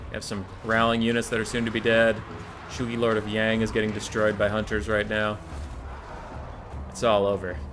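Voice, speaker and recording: A man's voice: fairly low pitch, monotone, fairly quick, background noise. A man casting a strategy game tournament live on stream, chatty and prone to digressions, talking to his chat between calls.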